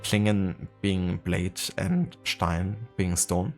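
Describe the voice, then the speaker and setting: Game streamer, male, deep voice, rambling chatty delivery, faint music underneath. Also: little pitch movement, slow. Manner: rambling, many fillers, reads codex entries aloud. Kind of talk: casual livestream chat and reading aloud.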